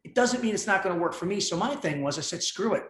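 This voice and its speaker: A man guest on a podcast, telling his story in casual conversation, intense and animated, swearing freely. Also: high-pitched, fast talker. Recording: roomy echo.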